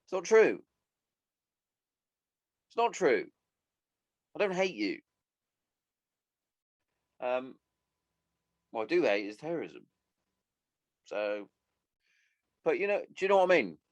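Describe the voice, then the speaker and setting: A man's voice: fairly high pitch, big pitch swings, slow, long pauses, no room sound, lo-fi sound. A man hosting a solo podcast, ranting bluntly and swearing a lot. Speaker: podcast host.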